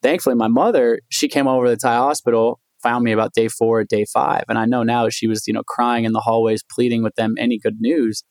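A man talks fast and with energy. He acts out the people in his story as he tells it. The recording is dry and close. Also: medium pitch, dry recording. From United States. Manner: animated storyteller, acts out quoted voices. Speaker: guest, endurance athlete and author. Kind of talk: storytelling in a podcast interview.

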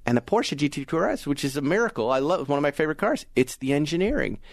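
A man's voice: on the high side, fast talker, dry recording. Enthusiastic middle-aged man, dry studio sound. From Massachusetts. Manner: enthusiastic, animated storyteller. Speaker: podcast co-host. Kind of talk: casual car talk chat.

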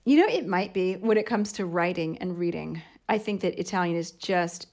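An American woman in her thirties, a podcast co-host and mother, chatting casually and explaining with lively examples. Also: on the low side, normal speed. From United States. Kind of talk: casual chat.

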